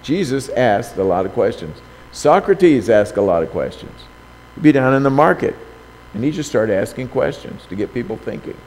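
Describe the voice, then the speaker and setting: A male preacher in the middle of a sermon, throwing rhetorical questions at his listeners and calling out quoted scripture with a loud, raised voice. His voice rings with a long hall reverb, and a faint hiss sits underneath. He speaks at a middle pitch for a man. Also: big pitch swings, normal speed.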